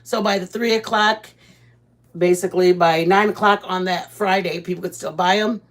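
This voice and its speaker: A woman with a fairly low pitch speaks in a steady tone at a moderate pace. Hosting a vlog live stream, she cooks in her home kitchen while chatting casually, rambling and greeting viewers by name.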